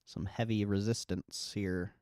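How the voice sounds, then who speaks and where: A man's voice: fairly low pitch, flat delivery, a little slow, darkish tone, smooth, no room sound, clean studio sound. A man hosting a casual livestream, reading viewer comments in a laid-back, swearing, joking way. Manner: laid-back, swears a lot, laughs often. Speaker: livestream host.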